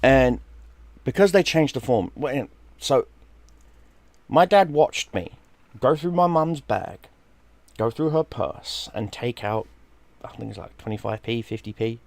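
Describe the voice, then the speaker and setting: A middle-aged London streamer tells a casual story, animated, swearing freely and acting out what people said. His voice is medium-pitched, unhurried and has vocal fry; he pauses often, and there's no room sound.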